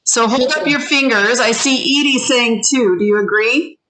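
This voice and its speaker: A woman teacher giving an online pronunciation lesson over a video call, drawing out words slowly so her learners can repeat them. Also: fairly high pitch, pushed and bright, slight background noise, rough recording. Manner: slow, drawn-out modelling of words for learners to repeat.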